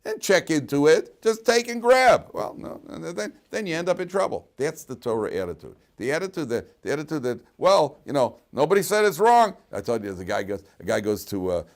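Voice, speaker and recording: A man giving a lively Torah lecture as a rabbi, acting out the people in his stories with big swings in voice and many "you know" fillers. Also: fairly quick, few pauses. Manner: animated storyteller acting out characters with sharp jumps in pitch and loudness. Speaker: rabbi teaching a weekly Torah class.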